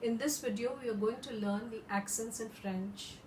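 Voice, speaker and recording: A woman French teacher who explains slowly and carefully and repeats her examples. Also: on the high side, a little mellow, slight background noise. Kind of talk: instructional lesson. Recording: echoey room.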